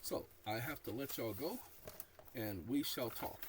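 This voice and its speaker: A man's voice: mid-range voice, a little slow, slight background noise, poor audio. A tired man talking casually to his viewers, spelling out commas and periods as he dictates. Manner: dictates punctuation aloud while reading. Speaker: channel host. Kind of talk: casual talk to camera.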